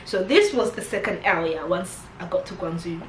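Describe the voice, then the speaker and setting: A young British woman, telling a storytime vlog in an animated, slangy, swearing manner. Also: on the low side, normal speed, a little hiss or hum. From Britain. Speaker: vlogger. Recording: roomy echo.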